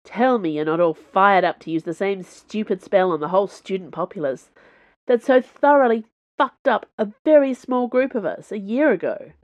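A blunt, scolding young woman mage in a storybook reading, as the reader raises her voice a little. Her tone sits a touch higher than the narration, and the sound is close and dry with no room around it. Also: expressive, normal speed, no room sound, dull audio, natural voice. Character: sharp-tongued young woman student mage.

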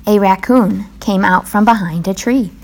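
A woman reading a children's storybook aloud in a slow, even manner. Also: medium pitch, slight background noise.

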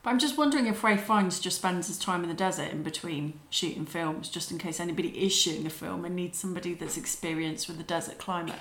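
Chatty woman for a casual film-review podcast, lower voice, echoey room. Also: fast, few pauses, fairly bright tone. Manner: chatty, playful, acts out quotes. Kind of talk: casual film discussion chat.

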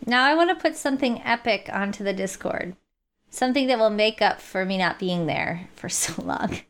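A woman playing a tabletop game, chatting casually and reacting with excitement. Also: medium pitch, moderate pace, slight background noise. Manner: excitable, exclaims often. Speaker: player.

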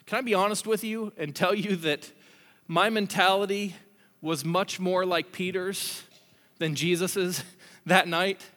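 A man preaches in a relaxed, storytelling manner, stopping now and then to speak straight to the congregation. His voice sits very high and sounds bright and forceful. It rings out with the long reverb of a large hall. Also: unhurried. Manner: conversational storytelling, animated asides. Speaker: pastor. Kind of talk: sermon.

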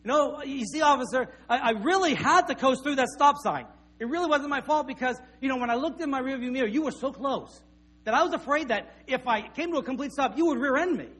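A driver pleading with a police officer, piling up excuses, voiced by a man telling the story. The voice sits high, a little raised and eager. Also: animated, fairly quick, a bit bright, husky, full character voice. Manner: pleading, over-explaining.

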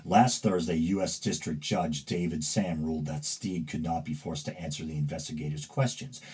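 New england guy hosting a podcast, reads the news then rants, lots of ums and restarts, very deep voice. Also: fairly even intonation, moderate pace, a little mellow, slightly rough. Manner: rambling, hesitant, with many fillers and self-corrections. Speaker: podcast host. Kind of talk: casual commentary, reading news aloud.

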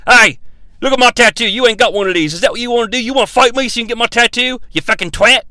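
A loud, crude male mercenary, played by a man barks his lines at a raised pitch, all swagger and slang. The voice comes out bright and cutting, with a dry, close sound. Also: quick pace, dry recording, heavily acted. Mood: angry. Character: brash foul-mouthed male mercenary, loud and mocking.

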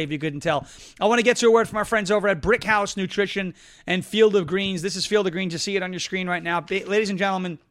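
A middle-aged man hosting a political talk show, talking quickly and emphatically, repeating his points and joking between ad reads. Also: high voice, fairly bright tone. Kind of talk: casual political commentary and ad reads.

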